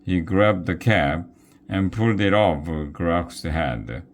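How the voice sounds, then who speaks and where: A man reading a children's novel aloud, slow and careful, with small restarts. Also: sits low. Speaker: reader.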